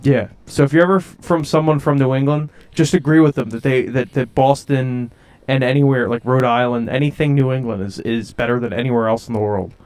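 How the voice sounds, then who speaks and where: A man from Delaware County, Pennsylvania, co-hosting a podcast in casual chat with a deadpan joking manner. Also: mid-range voice, brisk, smooth. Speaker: podcast co-host.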